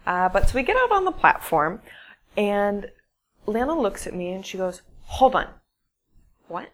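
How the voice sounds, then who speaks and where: A woman telling a personal story in a shy, halting way, with restarts and dramatic pauses. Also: mid-range voice, sing-song. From English-speaking foreigner living in Russia. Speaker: English teacher telling a story. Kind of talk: casual spoken storytelling.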